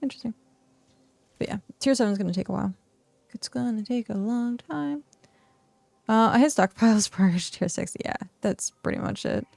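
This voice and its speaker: A woman's voice: fairly high pitch, normal speed, creaky, long pauses, warm tone, dry recording. A woman streaming a game, chatting casually and thinking aloud with lots of fillers and trailing sentences. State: hiccuping and yawning. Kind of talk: casual streaming chat while playing.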